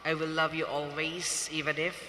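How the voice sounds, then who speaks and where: A man with a Filipino accent delivers a wedding homily in a slow, emphatic preaching manner. His voice sits a little high and sounds very bright. The recording carries the long reverb of a large hall. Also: level tone, slight background noise. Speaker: wedding officiant. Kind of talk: wedding homily mixing English and Hiligaynon. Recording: echoey reverberant hall, distant ambience.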